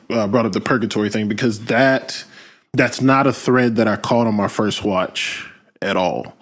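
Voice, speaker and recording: Low-voiced man hosting a film podcast. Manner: thoughtful, hesitant with many fillers. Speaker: podcast host. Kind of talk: casual film discussion.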